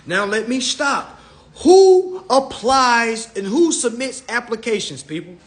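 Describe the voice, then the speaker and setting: A man giving a blunt, confrontational livestream lecture, reading law text aloud slowly and then arguing with his audience, recorded on a phone. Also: very high-pitched, animated, a bit bright. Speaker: livestream speaker.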